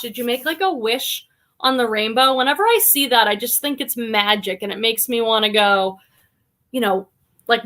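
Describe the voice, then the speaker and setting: A woman's voice: a little high, pushed and bright. A middle-aged woman from the United States hosting a casual live stream, chatting upbeat and reading viewer comments aloud.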